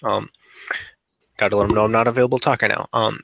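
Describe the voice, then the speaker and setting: A man's voice: on the low side, flat delivery, fast, creaky, no echo, muffled recording. A man playing a tabletop game, describing his character in a casual, joking way. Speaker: player.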